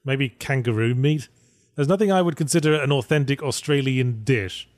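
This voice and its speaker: A man co-hosting a podcast, his wry, deadpan remarks coming across plainly. His voice sits at a middle pitch. It is recorded close up with a dry, dead sound. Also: moderate pace, no room sound. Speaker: podcast co-host. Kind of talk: casual podcast chat.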